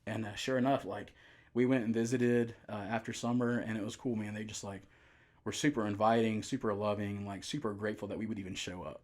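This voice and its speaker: A young adult man, a youth pastor telling his story in a relaxed, casual way with many fillers. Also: fairly low pitch, fairly quick. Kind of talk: casual podcast conversation.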